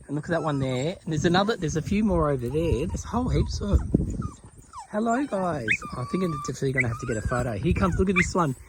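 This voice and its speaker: Excitable Australian man on a noisy outdoor vlog. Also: a little high. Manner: chatty and excitable, laughs often. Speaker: vlogger. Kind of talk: casual travel vlog narration. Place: outdoors in a country town and farmland. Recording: noisy outdoor handheld recording.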